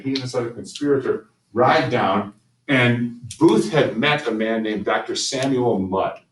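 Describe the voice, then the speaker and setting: A man teaching a history class, telling the story conversationally with frequent restarts. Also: medium pitch. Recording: roomy, distant mic with faint ambient noise.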